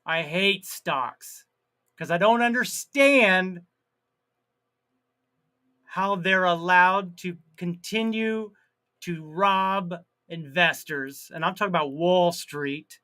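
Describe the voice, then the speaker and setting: A man hosting a live stream, chatting casually, reading viewer comments aloud and laughing at his own jokes, with drawn-out words and sudden loud outbursts. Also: sits high.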